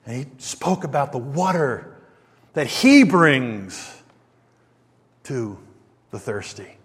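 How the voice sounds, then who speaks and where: A man's voice: mid-range voice, sing-song, slow pace, breathy edge. Man preaching in a reverberant hall. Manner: builds from quiet reflection to loud emphatic stresses. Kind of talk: sermon.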